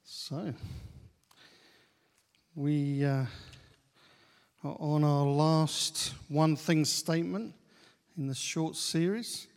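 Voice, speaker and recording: A man preaching a sermon in a church, unhurried, pausing often with "uh" and repeating key phrases. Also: fairly high pitch, steady tone, darkish tone. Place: church hall. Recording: long church-hall reverb.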